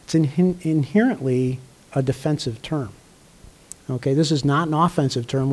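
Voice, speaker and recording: An older man, a pastor, delivering a conversational sermon with frequent throat clearing and fillers. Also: fairly high pitch, normal speed, darkish tone.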